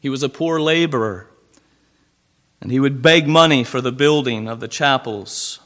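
A male preacher telling a story in a sermon, pausing now and then with "uh" fillers. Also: medium pitch, a bit bright.

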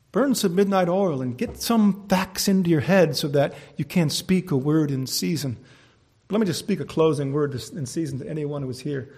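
Man, preacher, sermon, fairly high voice, impassioned, storytelling. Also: moderate pace. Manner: storytelling with loud impassioned exclamations.

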